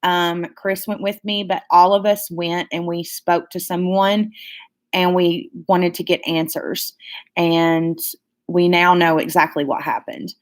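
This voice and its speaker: Young woman with a lowish voice, cussing her way through a storytime vlog. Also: unhurried. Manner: profane, animated storytelling with many "like"s. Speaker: channel host. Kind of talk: casual storytime.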